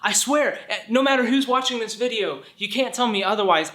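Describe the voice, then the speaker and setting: A man with a high-pitched, bright voice delivers a faith-based motivational vlog. He is earnest and preachy yet playful, slipping into jokey voices to make his point. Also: normal speed, few pauses. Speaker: vlogger.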